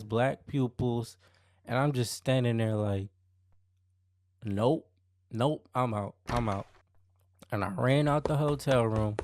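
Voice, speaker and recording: A young man recounts a personal story casually, in slangy talk that circles back on itself. His voice is gravelly at a middling pitch. The recording is dry and close. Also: darkish tone, no echo. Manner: slangy, conversational, repeats himself. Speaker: podcast host.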